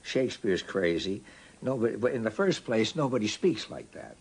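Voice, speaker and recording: A man's voice: lowish voice, big pitch swings, moderate pace, creaky, breathy edge. Joking, exasperated man. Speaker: actor interviewed.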